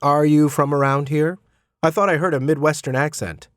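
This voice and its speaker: A man's voice: fairly high pitch, steady tone, moderate pace, dry recording, studio quality, close to an everyday voice. A man voicing an affable older businessman who asks probing questions in a genial way, in an audiobook. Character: affable wealthy older businessman, Yale graduate.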